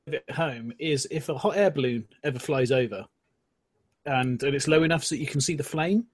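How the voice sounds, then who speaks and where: A man chatting as a guest on a live podcast stream, relaxed and joking as he rambles through stories. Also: mid-range voice, normal speed, slightly rough, no echo. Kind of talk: casual live-stream chat.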